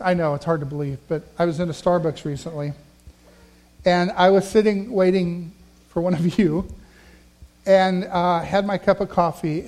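High-voiced man preaching a sermon. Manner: conversational, swings between loud emphasis and quiet asides. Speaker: pastor. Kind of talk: sermon with personal stories.

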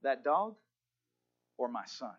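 A man voicing an old male pastor who teaches patiently in a gentle, measured way. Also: medium pitch, big pitch swings, muffled recording, voice pushed down, full character voice. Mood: calm teaching.

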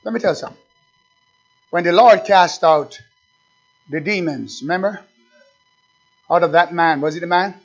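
A man preaching a sermon as pastor, swinging from shouted exhortation to hushed pleading. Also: on the high side, normal speed, long pauses. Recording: dull lo-fi recording.

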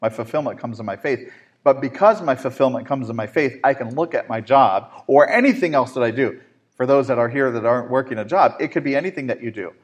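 A man of ordinary pitch hosts a faith-based talk show. He tells stories with growing animation and a lot of "uh" and restarts. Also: fast. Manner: animated storyteller with frequent fillers. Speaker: host.

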